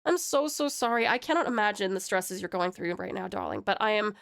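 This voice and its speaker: Young woman, American accent, streamer, giggly and affectionate, animated swooping voice, desk mic at home. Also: medium pitch, brisk, vocal fry. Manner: bubbly, affectionate, giggly, calls chatters pet names. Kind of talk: casual live-stream chat.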